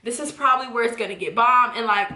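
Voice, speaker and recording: A woman in her twenties telling a personal story to the camera in a candid, profane, animated way. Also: fairly high pitch, quick pace, reverberant, slight background noise. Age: 20s. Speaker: vlogger. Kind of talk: casual storytime chat.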